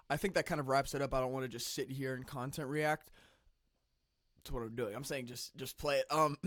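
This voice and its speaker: A man hosting casual reaction commentary. He talks conversationally with restarts and clears his throat now and then, a little phlegmy from the cold. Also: fairly high pitch, no echo, clean studio sound. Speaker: commentary channel host.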